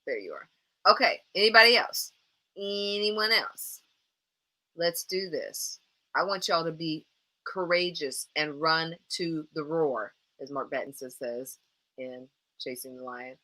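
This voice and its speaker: A woman leads a live motivational coaching broadcast. Her voice is bright and forceful. She speaks straight to her viewers and repeats phrases with energy to drive each point home. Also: sits low, unhurried. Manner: encouraging and animated. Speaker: life coach hosting a live show.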